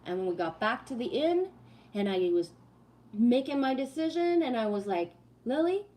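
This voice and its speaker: A woman's voice: on the high side, big pitch swings, moderate pace, darkish tone. A woman in her forties hosting a livestream, telling a personal story in a casual, heated way with lots of swearing and then answering chat comments. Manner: profane, emphatic, heated. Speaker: livestream host reading chat.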